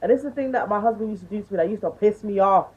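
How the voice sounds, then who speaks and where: A woman's voice: medium pitch, racing, a little mellow, breathy edge. A woman in her twenties ranting bluntly to camera, swearing and lecturing, on tinny phone-like audio. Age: 20s. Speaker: vlogger.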